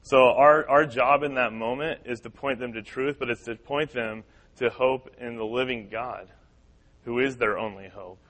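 A man of medium pitch teaches a church class. He talks in an earnest, repetitive way, voicing the worries of the people he quotes to drive each point home. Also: fairly even intonation, normal speed, fairly bright tone, rough recording. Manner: earnest, repeats key points, acts out quoted voices.

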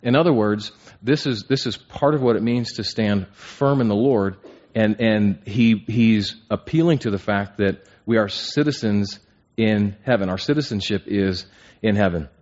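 A man leads a Bible class in a somewhat low voice, drawing answers out of the group with questions. He often doubles his words as he restarts a phrase. The recording is muffled and lo-fi. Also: moderate pace, a little mellow. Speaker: Bible study teacher. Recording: dull lo-fi recording.

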